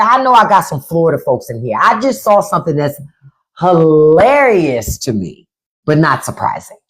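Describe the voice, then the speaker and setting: A woman hosting a casual livestream, talking bluntly and profanely with animated delivery. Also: lowish voice. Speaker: podcast host on a livestream.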